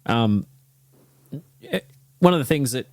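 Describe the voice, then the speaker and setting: A man with an Australian accent hosting an interview podcast, measured and thoughtful, often nodding along with agreement. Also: mid-range voice, animated, no echo. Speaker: podcast host. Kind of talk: conversational interview.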